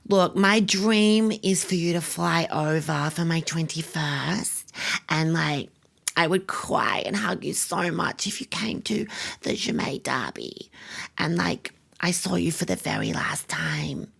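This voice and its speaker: A man's voice: a little high, big pitch swings, unhurried, creaky, sharp tone, husky, heavily acted. A man playing a spoiled, bratty young Australian woman about to turn 21, talking in a vlog-style comedy monologue full of "like" and crude swearing. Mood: wheedling. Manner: valley-girl drawl, filler likes, crude swearing.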